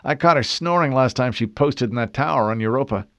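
A man's voice: mid-range voice, a little fast, a bit bright, no room sound, studio quality, pitched above the performer's own voice, close to an everyday voice. A man voicing a male armored soldier teasing a teammate in an easy way. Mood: joking.

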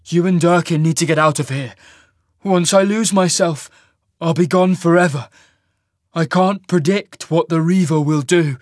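A man doing a raspy, grim young man. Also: on the high side, a little slow, no room sound, studio quality, pitched above the performer's own voice, natural voice. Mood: cold.

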